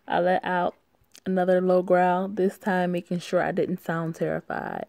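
A woman's voice: on the low side, little pitch movement, normal speed, vocal fry, a little mellow, no echo. A young woman reading a werewolf story aloud, breaking off for sassy, laughing asides and swearing. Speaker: story reader.

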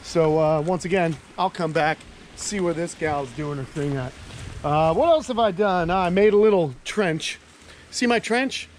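Outdoors among animal enclosures, a reptile keeper hosts a casual vlog for his channel, relaxed and talkative as he speaks to his reptiles. His voice is on the high side with a measured pace, and there's a faint hiss or hum.

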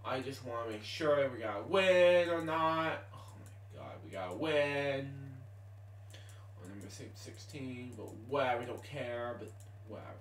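A man's voice: medium pitch, animated, unhurried, far from the mic. A man giving casual gameplay commentary at home at night, muttering with exasperated groans and keeping his voice down so others can sleep. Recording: echoey room, voice off-mic.

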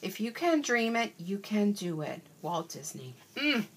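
A woman's voice: mid-range voice, very animated, unhurried, a little hiss or hum. An older woman and grandmother chatting casually as she unboxes craft stickers, gushing and exclaiming with gasps and little oohs. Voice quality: wears bifocals. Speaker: crafting vlogger.

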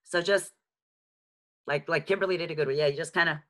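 A woman with a strong New York accent leads a beginner class over a video call. Her voice is bright and forceful, and she talks in a frank, chatty way, tossing in jokes at her own expense. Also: low voice. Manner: lively, chatty and frank, with quick asides and self-mocking jokes. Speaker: sign language teacher. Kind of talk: live online lesson. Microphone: video call microphone.

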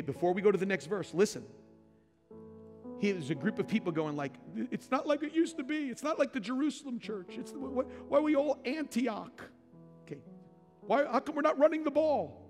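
A man preaching a sermon to his church, moving from quiet asides to loud shouted climaxes. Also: on the high side. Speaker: pastor. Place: large church sanctuary. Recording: reverberant large hall with music behind.

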